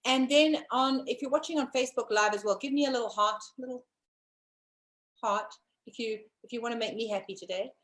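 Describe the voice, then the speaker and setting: A woman's voice: fairly high pitch, fairly quick, a bit bright. A woman from South Africa co-hosting a casual live-streamed talk show, chatty and teasing. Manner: chatty, teasing, addresses viewers.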